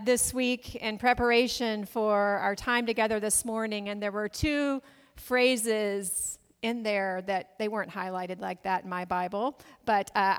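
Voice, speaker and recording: Woman pastor preaching, kinda high smooth voice, chatty storytelling, long echo in the church. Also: fairly bright tone. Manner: conversational storytelling, asks the congregation questions. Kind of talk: sermon.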